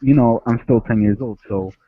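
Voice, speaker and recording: Over a dry, tinny, phone-like line with no echo, a man from Ecuador calls in and recounts a childhood story, rambling with many restarts on his headset. His voice is medium-pitched and his pace normal.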